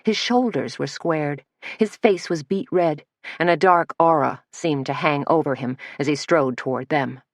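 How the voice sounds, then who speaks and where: A woman narrating a mystery audiobook in a steady, measured manner on a close studio mic. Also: low-pitched, dry recording. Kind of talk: scripted narration.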